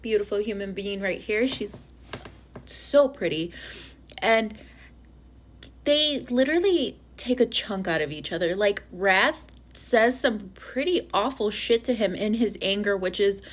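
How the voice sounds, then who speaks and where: A woman in a casual review vlog, ranting animatedly and swearing freely. Her voice sits at a middle pitch, and her speech is loose, full of "like" and quick asides. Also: animated. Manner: filler-heavy with frequent "like". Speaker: book reviewer.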